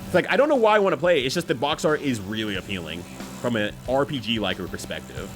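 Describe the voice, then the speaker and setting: Lively swearing male game streamer. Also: mid-range voice, quick pace, music in the background. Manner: chatty, swears freely, laughs often. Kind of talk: casual game-streaming chat.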